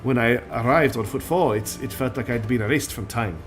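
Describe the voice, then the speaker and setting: A man voicing a stern, brooding female warrior guardian in a game, with a put-on French accent that slips, speaking low and solemn. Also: a little fast, faint music behind, close to an everyday voice. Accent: put-on French, slipping. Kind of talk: reading game dialogue aloud.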